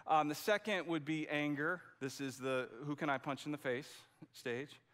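A man delivers a sermon in an earnest, conversational way, leaning hard on key words and restarting sentences as he goes. His voice sits a little higher than most men's. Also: steady tone, moderate pace, a bit bright. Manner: conversational, emphatic preaching with frequent restarts. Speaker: pastor.

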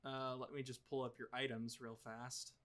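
A man's voice: medium pitch, level tone, normal speed, fairly bright tone. A man running a tabletop game as game master, narrating with lots of fillers and laughs.

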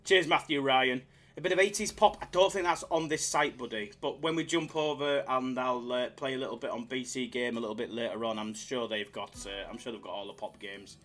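A man chatting casually on his live slots stream, excitable and self-mocking, swearing freely as he reads the chat. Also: medium pitch, a little fast.

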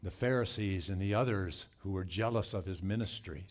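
A man preaching a sermon in a church, reading scripture and commenting with slow, earnest emphasis. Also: deep voice. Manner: slow, earnest delivery with scripture read aloud and dramatic quoted cries. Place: church sanctuary.

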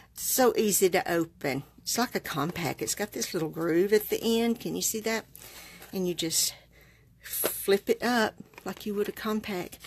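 A woman's voice: mid-range voice, a little hiss or hum. A woman chats in a folksy, rambling way with viewers during a live card-making demonstration. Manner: chatty, folksy, rambling asides. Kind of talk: live craft demo chatting with viewers.

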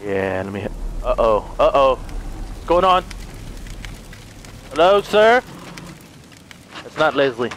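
A man giving casual, excitable commentary while playing a horror video game, swearing freely and talking to himself and the characters. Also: medium pitch, takes it slowly, pauses often, a little hiss or hum. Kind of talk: casual let's play commentary.

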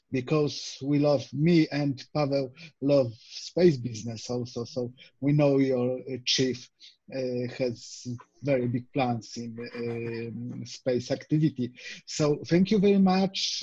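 Male host; slow, warm, breathy delivery, dull lo-fi sound. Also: medium pitch. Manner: slow, halting thanks. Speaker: event host. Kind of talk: thanking a guest.

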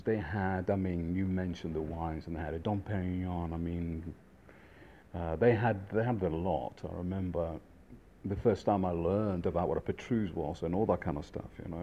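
Dark-voiced man telling a rambling story. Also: sits low, dull audio. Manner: rambling, animated, many fillers and restarts. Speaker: storyteller, restaurant industry veteran. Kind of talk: casual anecdote telling.

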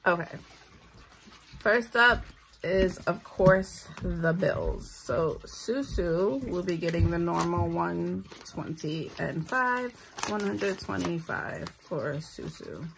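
This budgeting vlogger, a tired single mother, chats casually while counting her cash, tossing in self-deprecating asides. Her voice is on the low side and gravelly, expressive and unhurried. The background is noisy.

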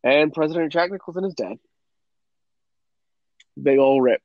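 A young man with a fairly high voice tells a movie plot in loose, profane podcast chat, acting out the lines as he goes. The recording is dry and a little dull, like a home setup. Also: moderate pace, no echo. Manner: animated, profane storytelling with acted-out quotes. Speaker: podcast co-host. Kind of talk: casual chat.

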